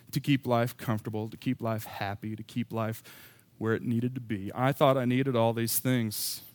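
A man's voice: medium pitch, dry recording. A man preaching a sermon as pastor, candid and self-deprecating, with emphatic rising bursts.

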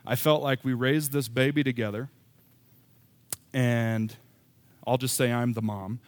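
A man's voice: mid-range voice, steady tone, unhurried, dry recording. A man preaching a sermon as pastor, candid and self-deprecating, with emphatic rising bursts.

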